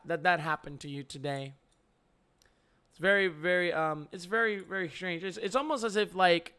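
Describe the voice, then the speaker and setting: A young man chatting with his viewers during a live stream, talking slowly with lots of ums and restarts. His voice is smooth and a little higher than most men's. He speaks into a headset mic. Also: fairly bright tone. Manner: halting, many fillers and restarts. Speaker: streamer host. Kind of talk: casual live-stream chat.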